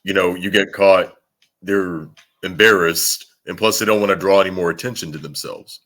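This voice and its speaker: A man's voice: low-pitched, fairly even intonation, moderate pace, fairly bright tone. A man hosting a live stream interview, chiming in with agreement and reading viewer comments. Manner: affirming, reads viewer comments aloud.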